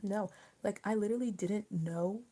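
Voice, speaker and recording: A young woman from Maryland hosting a live stream, chatting casually and answering viewer comments out loud while she eats. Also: mid-range voice, moderate pace. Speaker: livestream host.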